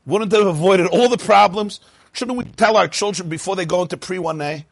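A man's voice: sits high, brisk, no room sound. A man teaching a Chasidic text class, chanting Hebrew passages in a sing-song, then explaining them animatedly in English. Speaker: Torah teacher.

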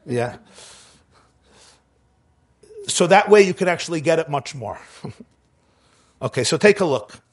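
Man, high-pitched voice, Torah teacher, quick text reading, slow emphatic explanations. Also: expressive, breathy edge. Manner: reads source quickly, then explains with slow emphatic phrasing. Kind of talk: text study class, reading and translating.

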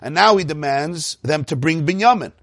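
A man's voice: a little high, animated, normal speed, no room sound, studio quality. A man teaching a Torah lesson, retelling a biblical story with repeated phrases for emphasis and quoting Hebrew verses before translating them.

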